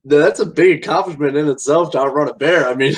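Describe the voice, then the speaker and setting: A man's voice: on the high side, quick pace, slightly rough, poor audio. A man hosting a radio interview show, chatting casually with short reactions and easygoing slang. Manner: relaxed, brief reactions, friendly slang.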